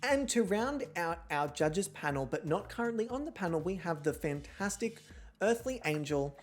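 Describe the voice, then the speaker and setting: A woman's voice: lowish voice, lively intonation, normal speed. A woman hosting a live-streamed online show, chatty and joking with a theatrical edge. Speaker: host.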